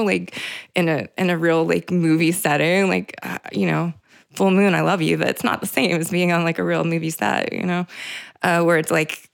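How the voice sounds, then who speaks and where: A young woman talks through a casual solo podcast, rambling and peppering every thought with fillers and curses. Her voice sits low and gravelly, and the recording is dry and close. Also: dry recording. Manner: rambling, frequent "like" fillers, swearing. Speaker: podcast host.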